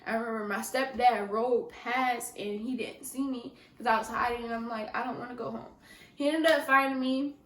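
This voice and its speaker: A young woman telling a personal story on her vlog, speaking softly and emotionally with halting restarts. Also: on the high side, fairly even intonation, reverberant, rough recording. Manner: soft-spoken, emotional, halting with many restarts. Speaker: vlogger.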